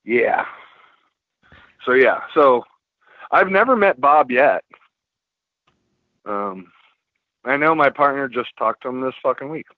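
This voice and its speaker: A man chatting casually on a podcast as a film distributor guest, rambling and swearing a lot as he tells animated stories. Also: mid-range voice, slow, long pauses, no echo. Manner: profane, rambling, animated storytelling. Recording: muffled lo-fi podcast audio.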